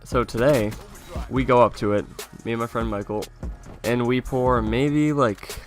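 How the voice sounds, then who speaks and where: A young YouTuber casually tells his viewers a funny childhood story in an unhurried, mid-range voice, with faint music behind him. He's animated, laughs often, and swears a little as he goes.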